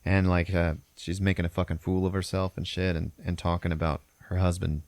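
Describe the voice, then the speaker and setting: A man's voice: low voice, level tone, a little fast, darkish tone, no room sound. A man hosting a podcast, retelling a film plot in a loose, profane, rambling way. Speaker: podcast host. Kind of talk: casual film recap.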